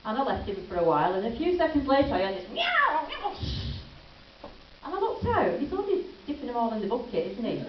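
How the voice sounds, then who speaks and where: A woman performs a chatty stand-up routine, teasing the crowd. Her voice swings up and down with lively melody. It comes over a muffled, lo-fi recording taken from far off in an echoey hall with faint hiss. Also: high voice, brisk. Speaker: stand-up comedian. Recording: lo-fi camcorder from a distance in an echoey hall.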